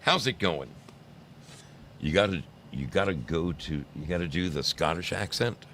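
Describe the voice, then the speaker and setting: Deep-voiced older man chatting on stream. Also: lively intonation, moderate pace, fairly bright tone, a little hiss or hum. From New Jersey. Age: 60s. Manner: rambling, teasing, chatty storyteller. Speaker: livestream host. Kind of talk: casual chat with live chat viewers.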